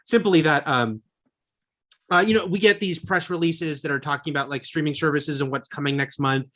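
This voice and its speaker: A man with a somewhat high, brisk, slightly bright voice co-hosts a film podcast. His talk is casual and rambling, packed with fillers.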